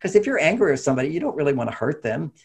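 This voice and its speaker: Brief: male interview guest, gravelly and a little husky, animated advice-giver. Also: a little high, very fast. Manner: animated, acts out quoted voices, laughs often. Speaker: relationship author and guest. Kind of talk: conversational interview talk.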